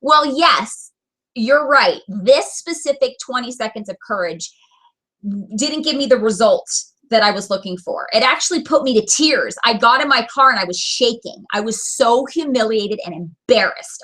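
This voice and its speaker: A woman telling a personal business story to her followers, animated and acting out the voices in her quotes. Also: on the high side, normal speed, rough recording. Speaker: direct sales business owner.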